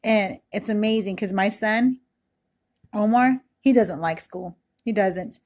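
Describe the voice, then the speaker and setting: A woman in her thirties speaks slowly into a close mic, recording a casual personal testimony on video from her kitchen at home. Her mid-range voice has a slightly mellow quality, and her earnest, rambling talk is full of "you know" and "like."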